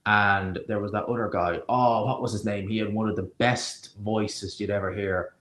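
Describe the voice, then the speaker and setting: A man's voice: lowish voice, fairly even intonation, normal speed, fairly bright tone. A man streaming a live watch-along, chatting casually and sarcastically, rambling and stopping to search for names. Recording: roomy echo.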